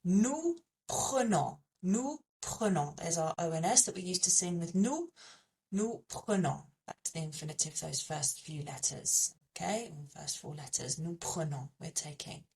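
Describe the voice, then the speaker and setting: A woman presenting a language lesson as a French teacher, explaining patiently and repeating French words slowly to model how they sound. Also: sits low, creaky, a little mellow, far from the mic.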